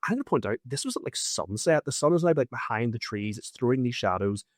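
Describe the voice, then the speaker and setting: A man hosting a podcast, recounting events in an animated, casual way with lots of fillers and swearing. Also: medium pitch, quick pace, dry recording, studio quality. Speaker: podcast host. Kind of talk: casual storytelling.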